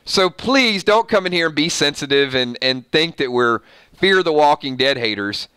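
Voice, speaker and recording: A man's voice: fairly high pitch, lively intonation, normal speed, sharp tone, clean tone, no room sound. A man hosting a casual TV recap, reading from an article with sarcastic asides and frequent laughter. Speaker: show recap host.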